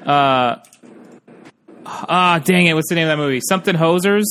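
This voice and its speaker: A man's voice: fairly high pitch, moderate pace, fairly bright tone, a little hiss or hum. A man co-hosting a podcast in casual chat, rambling and hesitant as he recalls things. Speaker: podcast co-host.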